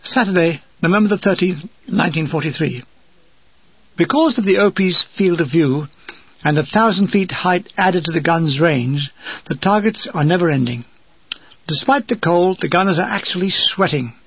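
Older man, gravelly husky voice, wry memoir reading, dull dry lo-fi recording. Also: high-pitched, animated, moderate pace, dry recording. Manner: dry, wry comic delivery. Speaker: narrator. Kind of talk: reading a war memoir aloud.

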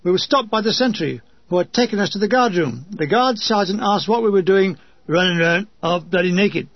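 A man narrates a memoir with dry, deadpan humour. His voice is high and husky. The recording sounds dull and lo-fi, with a close, dry sound. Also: fairly quick, dry recording. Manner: dry comic storytelling.

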